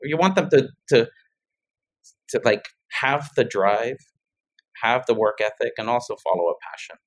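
Middle-aged man, mid-pitched, loose rambling storyteller on a podcast. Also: expressive, normal speed. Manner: rambling storyteller, many restarts and laughs. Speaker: guest, tech founder. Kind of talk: casual interview chat.

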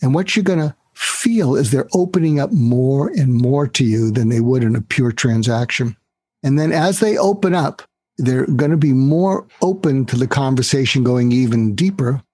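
A man speaking as a guest on an interview show, walking the listener through a sales method in an instructive way. His voice is husky and sits at an ordinary middle pitch. The recording is close and dry. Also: a little mellow, no room sound. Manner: instructive, acts out quoted dialogue. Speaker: guest author. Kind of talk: podcast interview, explaining sales technique.

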